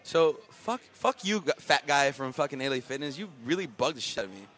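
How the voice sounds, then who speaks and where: Animated, bright-voiced man ranting. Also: a little high, a little fast, a little hiss or hum. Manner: profane, animated ranting with frequent fillers. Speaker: podcast co-host. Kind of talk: casual comedic rant.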